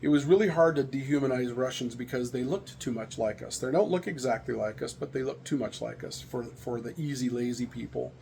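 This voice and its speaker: A man's voice: mid-range voice, gravelly, darkish tone, a little hiss or hum. A middle-aged American man telling stories and opinions in a rambling, candid casual monologue. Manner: rambling, candid storytelling with frequent fillers. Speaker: vlogger sharing opinions.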